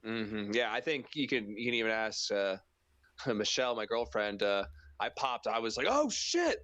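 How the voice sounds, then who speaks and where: A man co-hosting a casual wrestling podcast, talking in a loose, profane way and acting out reactions in high mock voices. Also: steady tone, normal speed, pushed and bright, dry recording. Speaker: podcast co-host.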